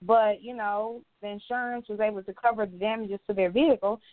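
A woman's voice: medium pitch, fairly even intonation, brisk, no echo. Profane woman telling a story, tinny line. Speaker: podcast co-host. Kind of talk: casual chat. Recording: tinny phone-like dry sound.

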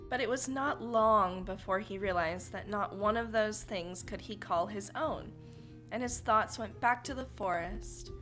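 A woman podcast host narrating an old fairy tale in an animated, dramatic storytelling manner. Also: mid-range voice. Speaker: podcast host reading folktales.

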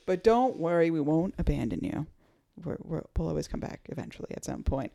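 A woman hosting a casual fan podcast, talking in a lively, chatty, self-mocking way. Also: sits low, a little fast, creaky. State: highly caffeinated. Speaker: podcast host.

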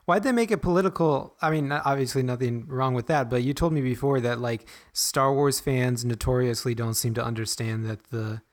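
A man's voice: mid-range voice, moderate pace, few pauses. A man in casual chat, teasing his friend and firing off questions.

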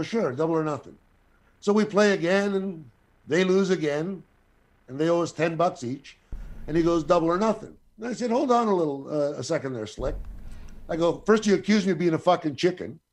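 A man's voice: on the high side, moderate pace. A middle-aged man telling a long anecdote in casual talk, swearing freely and acting out the other people's lines. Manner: profane, animated, acts out quoted voices. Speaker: guest storyteller.

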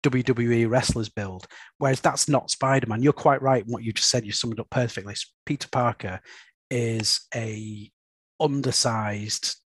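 Man, podcast host, husky voice, dry close sound, casual comics chat, tag questions. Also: mid-range voice, steady tone, normal speed, no room sound. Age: young adult or middle-aged, a father. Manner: chatty, leans on tag questions like "isn't it?".

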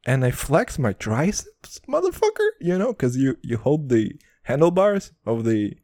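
Young male podcast host, brash and foul-mouthed, lively swooping pitch, dry close mic. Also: unhurried, no echo. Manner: profane, brash, self-mocking, calls listeners boys. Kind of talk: casual comedic monologue.

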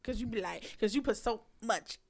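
A young woman in a casual, argumentative chat with her husband, animated and sassy, often mimicking him. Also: fairly high pitch, moderate pace. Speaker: wife in a couple's talk.

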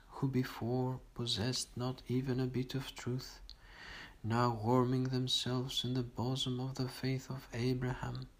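Man reciting prayers in a flat monotone. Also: mid-range voice, low-quality recording. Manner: steady monotone recitation on one note. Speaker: liturgical reader. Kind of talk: reciting Orthodox morning prayers.

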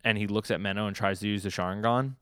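A man co-hosting a podcast, casually recapping a comic chapter with fillers and lively retellings. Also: fairly low pitch, fast talker, clear, resonant tone, dry recording, studio quality. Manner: animated storytelling with fillers and acted quotes. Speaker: podcast co-host.

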